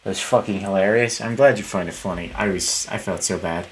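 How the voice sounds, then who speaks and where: A man's voice: low-pitched, fairly quick, slight background noise. A man streaming a video game, chatting in a profane, jokey, rambling way. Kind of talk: casual let's play commentary.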